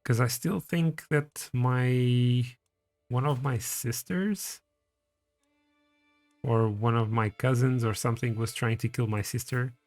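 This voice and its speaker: Male streamer, slow unhurried talk, dry close mic, faint game music behind. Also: mid-range voice, steady tone, darkish tone, no echo. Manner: musing, reads game text aloud. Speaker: streamer playing a strategy game. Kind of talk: casual gameplay commentary.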